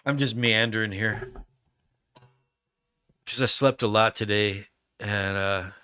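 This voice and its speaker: An American man tells meandering stories during a live stream, circling back and restarting his sentences as he goes. His voice has a bright, forward edge. The sound is dry and close, with no room around it. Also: fairly low pitch, steady tone, slow, clear, resonant tone, dry recording. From United States. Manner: rambling, chatty storytelling with many restarts. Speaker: musician streaming a recording session. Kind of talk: casual live-stream chat.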